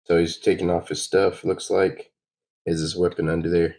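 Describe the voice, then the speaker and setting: Deep-voiced male host, casual comic read-along, musing. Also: little pitch movement, normal speed, darkish tone, rough recording. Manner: musing, adds sound effects.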